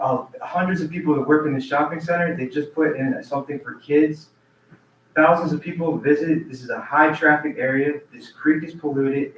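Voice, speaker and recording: A man's voice: a little high, slight background noise. Guy pleading at a town meeting, urgent, kinda far off the mic, echoey and muffled. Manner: repeats himself and restarts sentences. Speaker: resident giving public comment. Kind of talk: public comment at a council meeting. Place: council meeting room. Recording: roomy, distant, dull meeting-room audio.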